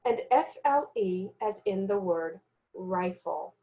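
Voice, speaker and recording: A woman giving a recorded teaching lesson, speaking slowly and deliberately and sounding out letters and syllables, sometimes correcting herself. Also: mid-range voice, lively intonation, mellow, lo-fi sound. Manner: self-corrects with "excuse me". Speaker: teacher trainer.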